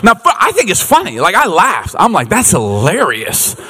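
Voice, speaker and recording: A man in his thirties, a youth pastor preaching a sermon as an animated storyteller who laughs often. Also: sits high, fairly quick, breathy edge. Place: church hall. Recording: echoey hall.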